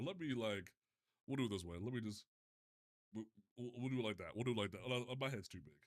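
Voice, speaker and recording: A young man hosting a casual livestream speaks fast and animatedly in a fairly low voice. Flustered while fixing his chat setup, he swears and keeps restarting his sentences.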